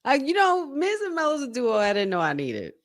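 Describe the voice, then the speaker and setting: A woman hosting a live wrestling watch-along from her room at home, excitable and swearing as she talks to her chat. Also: sits high, a little fast. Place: room at home with windows open.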